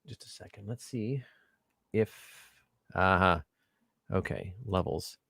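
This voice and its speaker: A middle-aged man on a video call interview, telling stories in a rambling, self-deprecating, animated way through a home microphone. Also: low voice, takes it slowly, creaky, slightly rough, dry recording. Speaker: guest, theatre artistic director. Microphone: home USB microphone on video call.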